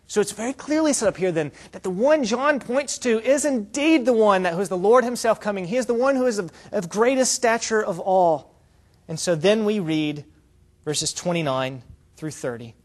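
High-voiced man preaching a sermon. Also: normal speed. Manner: earnest, explanatory, paraphrases scripture with emphatic asides.

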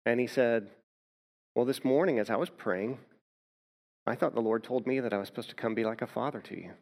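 A man's voice: mid-range voice, brisk, darkish tone. A man pastor preaching a sermon, telling a personal story and often repeating words as he starts a thought.

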